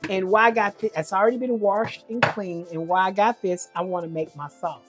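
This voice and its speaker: A woman's voice: medium pitch, fairly even intonation, fairly quick, loud music behind the voice. A woman giving a casual cooking demonstration at home, chatty and homey, often correcting herself as she goes. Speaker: home cook.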